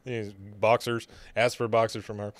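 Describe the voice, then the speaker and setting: A man co-hosting a podcast who recaps a cartoon episode in casual chat, telling it with animated gusto and acting out the quotes. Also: lowish voice, moderate pace, no room sound, clean studio sound. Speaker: podcast co-host.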